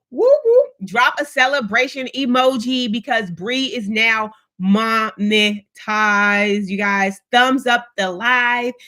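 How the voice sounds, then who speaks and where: A woman with a fairly high voice hosts a casual live stream. She chats in an upbeat, loose way and greets each viewer by name as they join. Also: pushed and bright.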